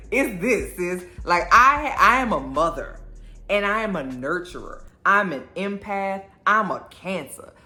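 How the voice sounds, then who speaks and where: A woman recaps a TV episode in a bright, sharp voice, sassy and animated. Faint music plays behind her. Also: mid-range voice. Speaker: show recapper.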